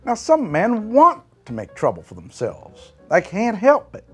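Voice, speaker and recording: A man voicing a stern middle-aged Southern prison captain with a slow, menacing drawl in an American Southern accent. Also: sits high, wildly swooping pitch, fairly bright tone, husky, faint music behind, voice pushed up, full character voice.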